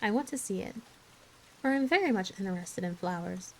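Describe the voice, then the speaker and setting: A woman voicing a kind, gentle minister's wife who speaks slowly and soothingly in a book reading. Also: mid-range voice, animated, slight background noise, lightly acted, rough recording. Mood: comforting.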